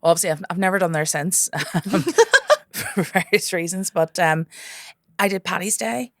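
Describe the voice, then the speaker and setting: Lively woman storyteller. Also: lowish voice, moderate pace, dry recording, studio quality. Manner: lively storyteller, swears freely. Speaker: guest comedian and cabaret host. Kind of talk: casual chat, storytelling.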